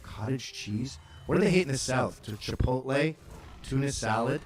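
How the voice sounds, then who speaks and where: A man's voice: mid-range voice, normal speed, faint music behind. A man hosting a casual comedic chat, reacting to maps with profane wisecracks. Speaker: host.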